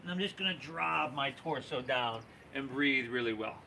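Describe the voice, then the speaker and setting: A man guiding a live yoga class, cueing poses and breaths in an encouraging, relaxed and folksy way. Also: mid-range voice, moderate pace, vocal fry, a little hiss or hum. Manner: relaxed, folksy, says y'all. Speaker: yoga instructor.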